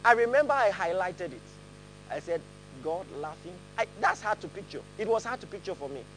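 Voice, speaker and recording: Animated pastor preaching with lively swings. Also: male voice, sits high, a little fast, slight background noise, rough recording. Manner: animated, laughing, leads the congregation in reading aloud. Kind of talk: sermon. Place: church hall with a congregation.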